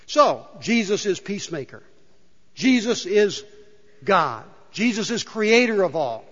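Animated preacher in a reverberant church. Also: male voice, high-pitched, measured pace. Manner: emphatic, rhetorical questions to the congregation. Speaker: pastor. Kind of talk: sermon. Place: church sanctuary. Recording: dull, reverberant church hall.

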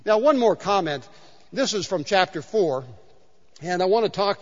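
A male pastor delivers a sermon in a church sanctuary, telling stories in a relaxed, conversational way. His voice sits high for a man, and he repeats key lines for emphasis. The recording is dull and carries long hall reverb. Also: moderate pace. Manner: conversational storytelling with emphatic repetition.

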